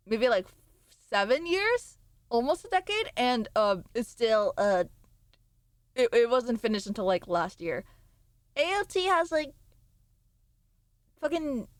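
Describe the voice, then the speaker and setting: Brief: young-sounding woman streamer, high-pitched, sleepy and rambly, dry close mic. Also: no echo. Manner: playful, rambling, sudden squeals and mock voices. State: sleepy, yawning. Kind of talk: casual chat with stream viewers.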